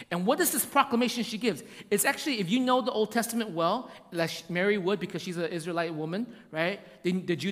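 Preacher, conversational sermon, slangy, animated pitch, reverberant hall. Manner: casual slangy asides, frequent rhetorical check-ins.

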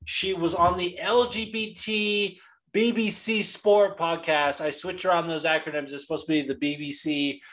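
A man co-hosting a podcast in casual chat, excitable and profane, quick to laugh. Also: a little high, a little hiss or hum, rough recording. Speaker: podcast co-host.

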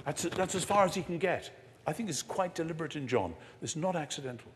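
Older man preaching in an echoing hall. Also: on the high side. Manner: expressive, slows down for emphasis, swings between soft and loud. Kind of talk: sermon-style lecture to an audience. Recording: long hall reverb.

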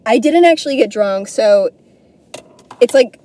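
High mellow-voiced young woman rambling on her podcast, swears a lot, trips over words, dry close sound. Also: animated, measured pace, no room sound. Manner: rambling, self-deprecating, swears freely, stumbles and restarts. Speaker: podcast host. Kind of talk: casual solo podcast monologue.

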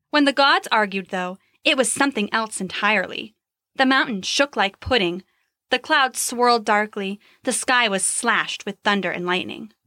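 Bright, expressive woman storyteller. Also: fairly high pitch, dry recording, clean studio sound. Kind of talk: scripted storybook narration.

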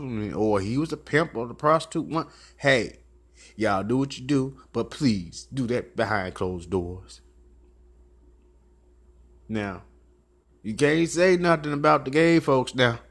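A man with a Memphis Southern accent hosting a talk show, telling stories in a rambling, profane, casual monologue. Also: a little high. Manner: rambling, animated storytelling with profanity and laughs.

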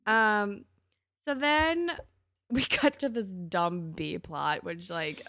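A woman's voice: medium pitch, slow pace, a bit bright, no room sound, studio quality. A woman hosting a podcast, chatting and gossiping as she recaps a TV episode. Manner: chatty, gossipy, acts out characters' lines. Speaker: podcast host. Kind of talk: casual chat recapping a TV episode.

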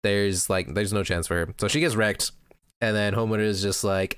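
Chatty guy recapping a show, smooth voice, dry close sound. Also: lowish voice, fairly even intonation, moderate pace, a bit bright, no room sound. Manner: chatty, laughs often. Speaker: podcast host. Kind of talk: casual anime recap.

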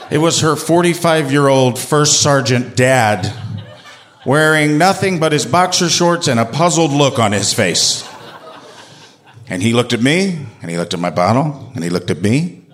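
A man telling a personal story to an audience in an animated, comic, self-mocking way. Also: medium pitch, moderate pace.

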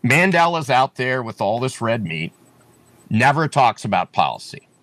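A man running for office, talking in an emphatic, repetitive way, with frequent restarts. His voice sits at a middle pitch and sounds dry and close, with almost no room around it. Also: big pitch swings, normal speed, a bit bright, dry recording. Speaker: political candidate. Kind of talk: campaign interview talk.

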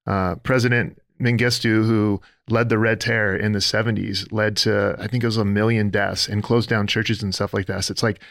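An earnest man co-hosting a faith-based podcast, his voice sitting a little low and delivered with a preacher's conviction. He stacks up his points one after another. The recording is close and dry, with no room sound. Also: little pitch movement, moderate pace, vocal fry, hardly any pauses, fairly bright tone, dry recording. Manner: earnest, preacher-like, builds lists and reads quotes aloud. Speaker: podcast co-host.

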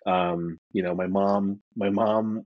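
A man's voice: low voice, fairly even intonation, takes it slowly, no room sound, narrow, tinny audio. A middle-aged man from Brooklyn with a mild New York accent, chatting casually as an interview guest and rambling with easygoing restarts. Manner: rambling, self-correcting, easygoing. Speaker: podcast guest, comic creator.

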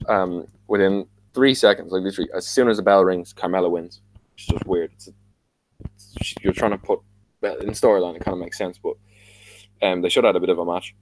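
Podcast host, Irish man, low voice, casual rambling recap. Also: steady tone, a little fast, a little hiss or hum, poor audio. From Ireland. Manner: rambling, many fillers and restarts.

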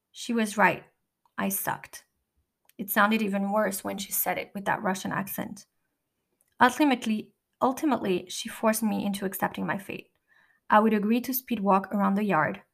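A middle-aged woman reads her own memoir aloud in the first person. Her delivery is candid and blunt, with small restarts and an occasional curse word. Her voice sits at an ordinary pitch for a woman. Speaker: memoir narrator.

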